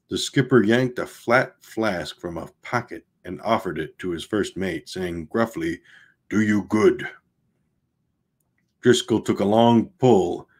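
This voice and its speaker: A man reading a novel aloud in a low, husky voice. He reads slowly and plainly, stopping to restart a line or to add a casual aside. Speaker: audiobook reader.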